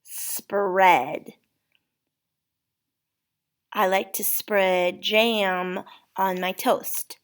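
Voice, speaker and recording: Woman teacher going through spelling words super slow, patient, sounding out letters. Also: mid-range voice, level tone, clean tone. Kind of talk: spelling lesson for a child.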